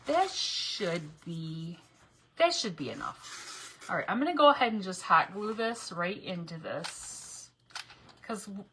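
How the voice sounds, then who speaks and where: A woman with a bright, forceful voice talks through a craft project in a loose, rambling way. She laughs often and backtracks mid-sentence. A faint hiss of noise sits under her voice. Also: lowish voice, low-quality recording. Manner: chatty, rambling, laughs often, self-correcting. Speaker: craft video host. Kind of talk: casual crafting tutorial.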